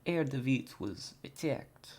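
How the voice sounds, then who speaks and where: A man's voice: medium pitch, expressive, slow pace, a little mellow, slight background noise, pitched above the performer's own voice. A man voicing a formal male informant with an amateur put-on German accent, stiff and formal. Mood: grave.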